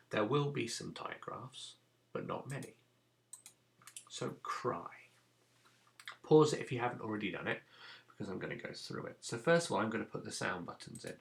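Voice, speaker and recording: A man's voice: mid-range voice, creaky, a bit bright. A man teaching a recorded phonics lesson to young children, patiently sounding out letters and giving simple instructions. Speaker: primary school teacher.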